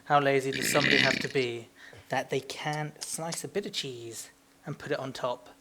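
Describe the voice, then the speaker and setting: A man's voice: mid-range voice, steady tone, moderate pace, gravelly, sharp tone, slight background noise. A young man with a British accent chats on an amateur podcast. He rambles, swears and rants about everyday annoyances, slipping into silly impressions along the way. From Britain. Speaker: podcast co-host. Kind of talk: casual chat.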